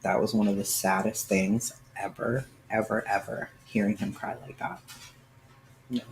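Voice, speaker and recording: A man's voice: on the low side, steady tone, normal speed, creaky, a little hiss or hum. A man hosting a casual livestream, answering viewers' chat by name and sounding emotional and sighing as he talks. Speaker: livestream host.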